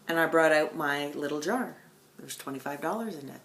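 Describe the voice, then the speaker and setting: Low-voiced woman, animated storyteller. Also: brisk, slight background noise. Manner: animated storytelling, swings from loud bursts to hushed asides. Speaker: stitching vlogger. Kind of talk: casual chat. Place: at home.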